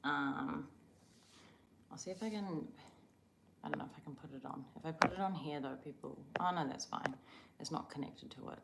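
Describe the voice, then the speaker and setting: A woman's voice: sits low, moderate pace, vocal fry, very noisy. A young woman from Croatia hosting a casual livestream, chatting in a rambling, oversharing way. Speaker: livestream host. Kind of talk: casual live chat.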